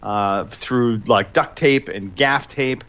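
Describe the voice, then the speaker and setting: A man's voice: mid-range voice, slow pace, fairly bright tone, lo-fi sound. A man hosting a podcast in upbeat, teasing casual chat. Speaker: podcast host.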